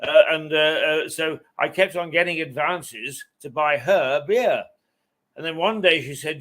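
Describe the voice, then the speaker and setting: Older man telling a halting story. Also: on the high side, animated, fairly bright tone. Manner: halting, with frequent hesitations and chuckles. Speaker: interview guest. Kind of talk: reminiscing anecdote in conversation.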